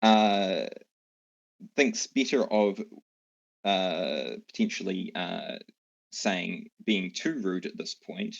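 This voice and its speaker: Deep, husky, rambling dungeon master; man; dull lo-fi sound. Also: takes it slowly. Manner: relaxed, rambling, many fillers. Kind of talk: narrating a tabletop game online. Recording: dull lo-fi mic.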